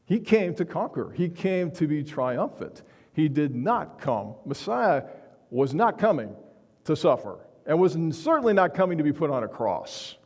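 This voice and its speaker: Male pastor, sermon, earnest and emphatic, slightly high voice, reverberant sanctuary. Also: sing-song, moderate pace, a little mellow. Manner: earnest, emphatic preaching with frequent restarts. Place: church sanctuary.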